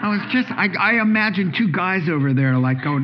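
Animated joking male pastor preaching. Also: fairly quick, muffled recording, heavy background noise. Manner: animated, joking storyteller who rises sharply in pitch. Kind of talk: sermon.

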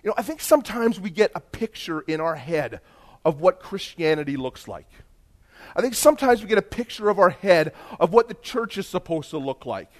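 A man preaching a sermon, telling a story and rising into loud emphatic bursts. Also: high-pitched, big pitch swings, moderate pace. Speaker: pastor.

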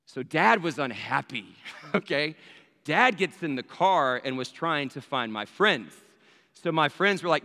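Preacher, animated storyteller, slightly high voice. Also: male voice, unhurried. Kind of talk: sermon storytelling. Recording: long hall reverb.

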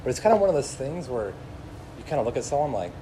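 Young male pastor, casual animated sermon, middle pitch, faint room noise. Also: fast talker. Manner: animated storytelling, laughing, lots of "like". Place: room with an audience.

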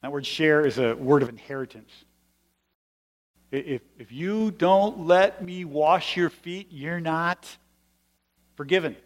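A man's voice: fairly high pitch, slow pace, long pauses. A male pastor giving a sermon in a conversational, explanatory way with emphatic stresses. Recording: long hall reverb.

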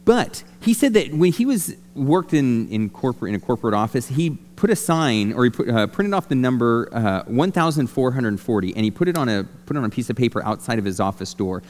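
A man's voice: mid-range voice, brisk, hardly any pauses. Pastor guy giving a chatty sermon, voice jumps around a lot, echoey church hall. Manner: conversational, animated, many restarts. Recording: long reverb of a hall.

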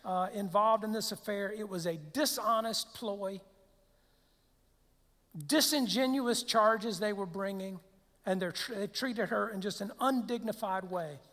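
A man's voice: high voice, measured pace, pushed and bright. Pastor guy preaching, talks like a chat, lots of "right?" and restarts, big echoey hall. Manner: conversational preaching with rhetorical questions and restarts. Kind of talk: sermon. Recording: long hall reverb.

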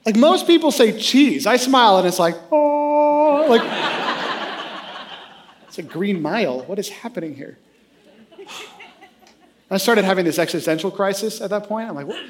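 A man in his thirties preaching a sermon, telling a self-deprecating funny story in an animated way. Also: high-pitched, normal speed, pauses often, background noise. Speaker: pastor.

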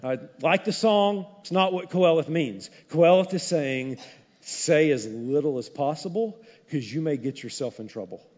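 A male pastor preaching a sermon in an animated, conversational way, with frequent asides to the congregation. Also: on the high side, normal speed. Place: church sanctuary. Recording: dull, echoey hall recording.

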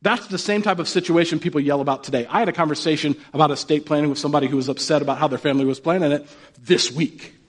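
A male pastor with a fairly high, racing voice preaches a conversational sermon, slightly raising his voice but talking as if chatting with friends. He's casual and jokey, constantly asking his listeners questions.

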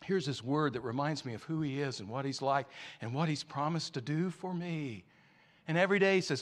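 A man preaching a sermon, a storyteller who climbs to loud peaks and drops to soft near-whispers. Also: a little high, brisk. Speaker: pastor.

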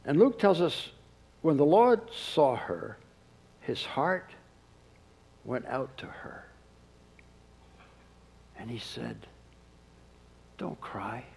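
A man preaching a sermon, who drops to a soft hush when he quotes. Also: a little high, sing-song, takes it slowly, gravelly, long pauses, husky, low-quality recording. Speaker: pastor.

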